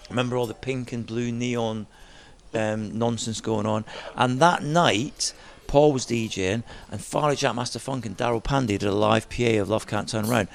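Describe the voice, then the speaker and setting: A man, a DJ guest, telling lively stories in a chat and mimicking other people's voices as he goes. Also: medium pitch, normal speed, gravelly. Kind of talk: animated storytelling chat.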